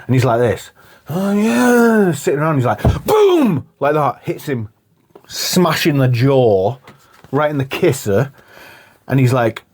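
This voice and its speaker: Animated jokey male podcast host. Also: medium pitch. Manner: animated, jokey, acts out movie scenes. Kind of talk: casual chat.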